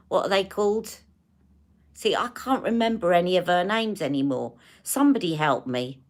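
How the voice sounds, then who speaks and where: Woman, beauty live host, fairly low voice, chatty, talks viewers through products. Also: fairly bright tone. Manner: chatty, reading out viewer comments while demonstrating products. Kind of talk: casual live-stream chat.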